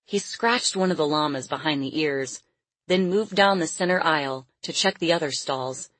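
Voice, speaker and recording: Low husky woman reading a story. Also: normal speed, fairly bright tone, no room sound. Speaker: narrator. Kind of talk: audiobook narration.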